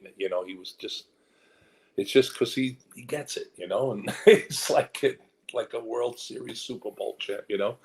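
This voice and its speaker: A man with a lowish voice tells stories from his acting career in a candid interview. He rambles through restarts and asides, then jumps into quoted voices with lively energy. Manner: animated storyteller who slips into quoted voices. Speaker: actor and guest.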